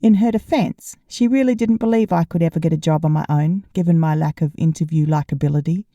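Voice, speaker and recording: A woman narrating a novel in first person, with a wry, deadpan delivery. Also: low-pitched, a little fast, no room sound, highs cut off. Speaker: audiobook narrator.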